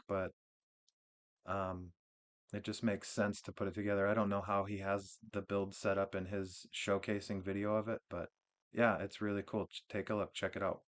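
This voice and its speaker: Male gaming host, low voice, relaxed rambling walkthrough, off-the-cuff delivery. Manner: relaxed, rambling, with frequent restarts and fillers. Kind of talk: casual game build walkthrough.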